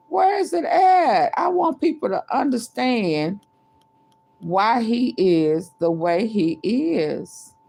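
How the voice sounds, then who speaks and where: A woman vlogger chatting to her live viewers in a casual, repetitive way. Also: a little high. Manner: chatty, repeats herself, talks to viewers. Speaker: livestream vlogger. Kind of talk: casual live-stream commentary.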